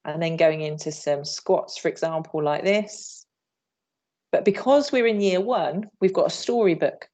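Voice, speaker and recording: A woman's voice: lowish voice, measured pace, dark tone. Upbeat woman leading a PE workshop. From England. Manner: upbeat, demonstrates moves while talking. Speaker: PE trainer leading a teacher workshop. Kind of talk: online training presentation. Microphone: video call.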